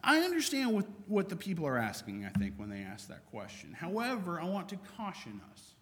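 Conversational preacher, higher-pitched man. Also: wildly swooping pitch, brisk, a bit bright, a little hiss or hum. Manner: conversational, reads scripture aloud. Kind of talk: sermon. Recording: long reverb of a large hall.

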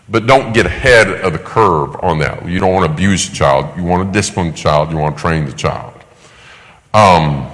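Low male preacher, lively storytelling delivery, acts out quoted voices, hall reverb. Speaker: preacher teaching on child discipline. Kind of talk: sermon-style teaching talk.

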